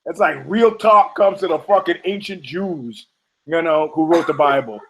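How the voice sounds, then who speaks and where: A man's voice: a little high, normal speed, low-quality recording. A man hosting a podcast, delivering a rambling, profane comedic monologue and acting out quoted characters in funny voices. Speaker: podcast host.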